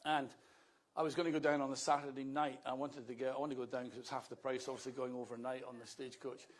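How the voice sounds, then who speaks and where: A man's voice: mid-range voice, level tone, fast talker. A Scottish man in his fifties giving an anecdotal public talk about his life, conversational with wry asides. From Scotland. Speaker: speaker telling his life story.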